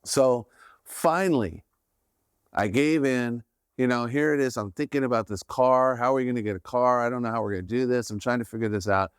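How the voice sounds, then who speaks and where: A man's voice: medium pitch, fairly quick, clear, resonant tone, no room sound. Man, podcast host, earnest faith teaching, conversational, close dry sound. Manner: earnest, frequent "right?" check-ins.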